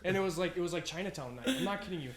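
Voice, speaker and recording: Male podcast guest, higher voice, rambling, crowd chatter behind. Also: expressive, rapid-fire. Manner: rambling story with repeated phrases. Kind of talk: casual podcast chat.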